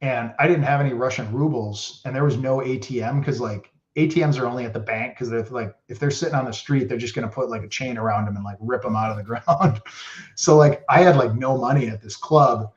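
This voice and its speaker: A man's voice: medium pitch, fairly quick. A man who is a guest on a podcast, telling hockey stories in a loose, rambling way and saying "like" constantly. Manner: rambling, heavy use of "like". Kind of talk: casual storytelling. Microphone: podcast mic. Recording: roomy, dull lo-fi podcast audio.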